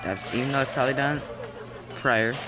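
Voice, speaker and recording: A young man casually commenting on his own game, joking and shouting at teammates. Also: medium pitch, fast, a crowd in the background. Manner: excitable, jokey, shouts at teammates. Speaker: gameplay commentator. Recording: game music behind.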